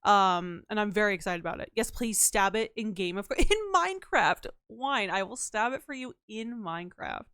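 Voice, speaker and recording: A woman's voice: mid-range voice, lively intonation, moderate pace, few pauses, a bit bright, smooth, no room sound, studio quality. A woman streamer chatting casually and playfully with her live chat, teasing and slipping into silly voices.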